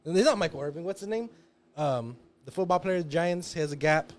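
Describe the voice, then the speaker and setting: A man hosts a podcast in a studio, his voice sitting a little high for a man. He tells stories loud and profane, shouting out quoted lines and breaking into laughter. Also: expressive, fairly quick. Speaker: podcast host telling a story. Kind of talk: casual podcast chat.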